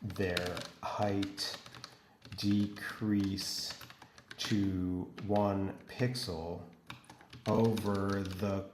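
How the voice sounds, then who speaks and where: A man speaks in a slow, halting way as he dictates instructions to an AI coding tool, often stopping to restart a phrase. His voice sits a little low and drawls. The recording picks up a roomy room with faint keyboard clicking behind him. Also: level tone, a little mellow, a little hiss or hum. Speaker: web developer.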